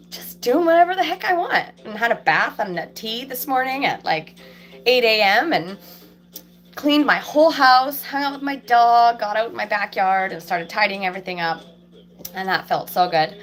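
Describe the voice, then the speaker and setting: A woman with a cold-stuffed voice chats in a loose, rambling way to her viewers, pausing on ums and restarting her sentences. She talks from a small office in her shop. Faint country music plays in the background. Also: mid-range voice, a bit bright. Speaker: fabricator and vlogger. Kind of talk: casual live chat to viewers. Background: faint country music playing.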